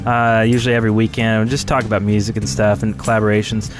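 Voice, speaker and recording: A laid-back man hosting a casual podcast chat, with lots of fillers and easy laughter. His voice sits at a middle pitch. Music plays clearly under his talk. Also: little pitch movement, quick pace. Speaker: podcast host. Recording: music playing behind the voice.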